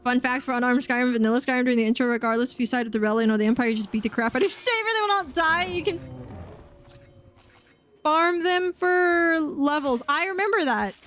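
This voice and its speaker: A woman streaming a game, chatting casually and excitably, yelping and laughing as she plays. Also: sits high, quick pace. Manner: chatty and excitable, yelps and laughs while playing. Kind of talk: casual gaming commentary.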